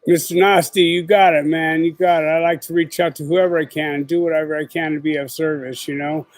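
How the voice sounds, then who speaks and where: A man's voice: on the high side, flat delivery, fairly quick, no echo, rough recording. A middle-aged man hosting his own show, talking casually and rambling in profane street slang with lots of fillers. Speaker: podcast host. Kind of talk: casual livestream chat.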